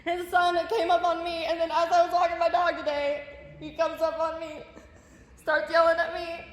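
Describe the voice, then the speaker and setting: Panicking woman shouting in an echoey office. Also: extremely high pitch, completely flat delivery, normal speed. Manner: agitated, loud and tearful. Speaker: tenant making a complaint. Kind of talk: heated confrontation filmed on phone. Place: indoors, apartment complex office. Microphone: phone camera.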